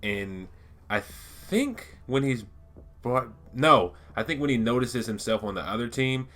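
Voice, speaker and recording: A man's voice: mid-range voice, expressive, measured pace, sharp tone. A man talking casually and enthusiastically to his viewers, rambling with lots of fillers and restarts. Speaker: gaming YouTuber. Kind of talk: casual lore-talk vlog.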